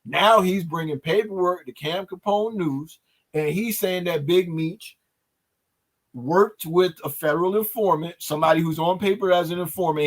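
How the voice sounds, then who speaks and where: Talkative man hosting a hip-hop news chat. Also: high voice. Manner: loose, talkative, hesitant with restarts. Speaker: show host.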